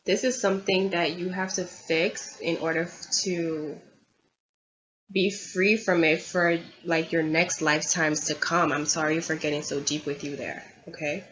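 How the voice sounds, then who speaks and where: Tarot-reader woman, lowish voice, earnest and confiding; dull lo-fi recording. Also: level tone, a little slow, fairly bright tone. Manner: earnest, confiding, repeats herself. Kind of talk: tarot reading monologue. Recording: dull lo-fi audio with faint background hiss.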